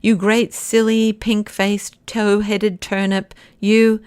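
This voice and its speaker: A woman reading an audiobook, voicing an excitable male nobleman who pleads and rants. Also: mid-range voice, takes it slowly, clear, resonant tone, dry recording, voice pushed up, natural voice. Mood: raging. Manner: exasperated, pleading, then bursts of ranting insults. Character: flamboyant middle-aged male nobleman, frantic.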